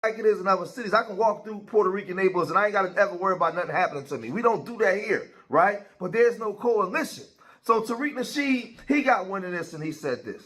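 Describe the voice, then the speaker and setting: A man's voice: sits high, lively intonation, fast, a bit bright, rough recording. A man, giving casual commentary in a conversational way and checking in with his listeners. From Philadelphia. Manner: conversational, keeps asking "right?".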